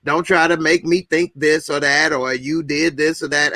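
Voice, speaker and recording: Bright-voiced man hosting a casual show. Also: fairly even intonation, moderate pace, no echo. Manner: loose and joking, breaks into high falsetto singing. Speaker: show host. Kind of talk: casual chat on a live show.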